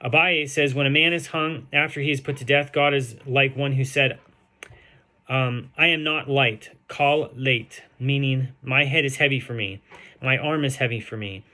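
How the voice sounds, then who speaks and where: A man reading a translated Talmud page aloud and explaining it, slowing down to sound out the Hebrew and Aramaic terms, with frequent ums and uhs. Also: medium pitch, sharp tone. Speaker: Talmud teacher.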